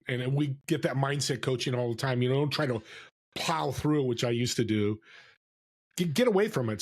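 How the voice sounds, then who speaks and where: A man telling stories as a podcast guest, lively and acting out the voices of people he quotes. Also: medium pitch. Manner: animated storyteller, acts out quoted voices. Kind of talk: storytelling interview. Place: California.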